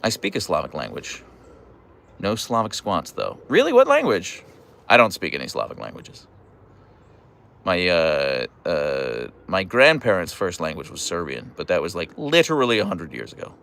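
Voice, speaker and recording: A man's voice: low voice, huge pitch swings, moderate pace, gravelly, a bit bright. A man from Pittsburgh with a Pittsburgh accent, chatting casually on a livestream, reading viewer comments and teasing. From United States. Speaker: livestream host reading chat.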